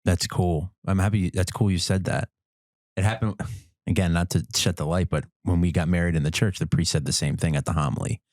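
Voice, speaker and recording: Deep-voiced young man, heartfelt rambling. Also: fairly even intonation, fairly quick, darkish tone, dry recording. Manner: heartfelt, rambling, says "like" a lot. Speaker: podcast co-host. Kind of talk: casual chat.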